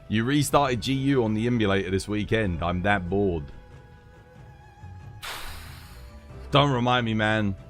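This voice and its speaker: Animated British man streaming live. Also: fairly low pitch. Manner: animated, laughs and swears freely. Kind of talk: casual live-stream chat. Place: home streaming setup.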